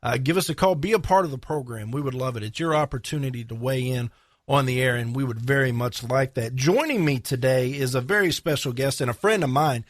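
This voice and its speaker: A man's voice: mid-range voice, brisk, no room sound, studio quality. A man hosting a talk radio show in a conversational way, sometimes getting tongue-tied.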